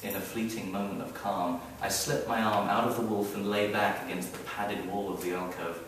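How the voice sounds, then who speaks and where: A man reading his own story aloud at a live event, wry and expressive, building up the action. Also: on the low side, moderate pace, slight background noise. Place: event hall, heard from the audience area. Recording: very echoey hall, mic far off.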